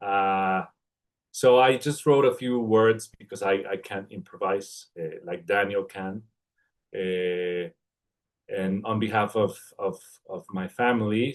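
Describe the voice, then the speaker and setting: Low-voiced man from Mexico reading a tribute. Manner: hesitant start, then steady reading with a poetic rhythm. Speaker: family friend giving a tribute. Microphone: livestream connection.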